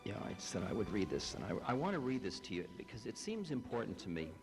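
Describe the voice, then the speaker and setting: A man's voice: fairly low pitch, big pitch swings, fast talker, loud music behind the voice. A man who is a spiritual teacher and author tells stories and reads aloud to a live group. He makes wry, self-deprecating asides. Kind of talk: storytelling talk and reading aloud.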